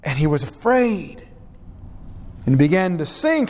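A man's voice: sits high, sing-song, measured pace, darkish tone. A man preaching a sermon, reading scripture aloud with earnest, dramatic rises and drops in his voice. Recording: long hall reverb.

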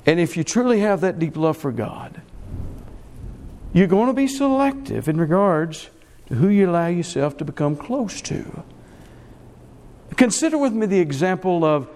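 A man preaching a sermon with emphasis, speeding through some phrases and slowing hard on key words. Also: sits high, a little mellow. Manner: emphatic, swings between fast runs and slow stressed words. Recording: long reverb of a church hall.

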